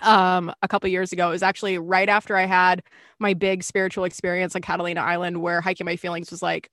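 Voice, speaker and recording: A woman hosting a casual interview over a video call, bubbly and quick to laugh. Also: on the low side, level tone, a bit bright, no echo, studio quality. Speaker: host.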